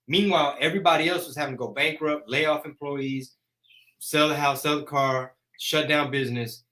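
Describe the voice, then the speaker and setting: Brash, bright-voiced man ranting. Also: fairly high pitch, steady tone, moderate pace. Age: 40s. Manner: brash, joking rant. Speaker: host. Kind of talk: casual live chat.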